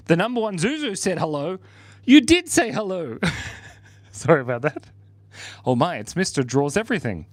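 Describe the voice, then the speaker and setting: A man's voice: a little high, dry recording. Playful man livestreaming a drawing session. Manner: playful, reads out chat messages, jokes and laughs often. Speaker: livestream host drawing for viewers. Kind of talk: casual livestream chat while drawing.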